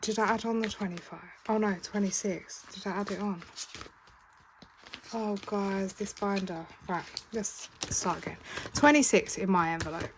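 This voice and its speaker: A British woman chats her way through a casual home vlog, counting notes aloud and cheerfully correcting her sums. Her voice sits in a middle pitch. Clicks and background noise are clearly heard under the recording. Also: steady tone, moderate pace. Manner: chatty, counts money aloud, corrects herself. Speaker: budgeting vlogger. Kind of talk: casual chatty vlog narration.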